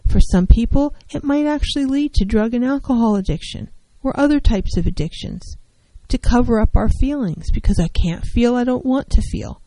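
A woman's voice: fairly high pitch, expressive, normal speed, warm tone, no echo, rough recording. A middle-aged woman counselor giving an earnest, emphatic talk on handling feelings, repeating key phrases to drive them home. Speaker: licensed professional counselor. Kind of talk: educational talk on mental health.

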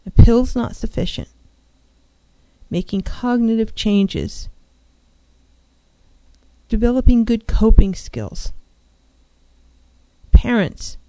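A woman's voice: on the high side, lively intonation, slow, pauses often, warm tone, no room sound. A middle-aged woman, a licensed counselor hosting a show, giving earnest advice and acting out clients' voices. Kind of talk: talk show monologue.

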